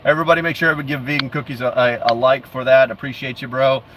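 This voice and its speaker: A middle-aged man chats casually on a livestream, reading out comments and rambling with plenty of fillers and false starts. His voice sits at an ordinary middle pitch, and faint noise hums in the background. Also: fairly even intonation, quick pace. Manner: rambling, many fillers and restarts; friendly, calls viewers bro. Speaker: livestream host.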